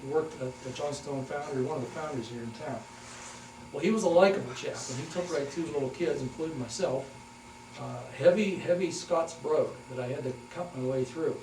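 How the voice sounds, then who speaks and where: An older man giving a folksy talk to a local historical society, halting often with fillers as he reminisces. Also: a little high, a little mellow. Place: hall at a historical society meeting. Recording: echoey room, distant mic, noisy.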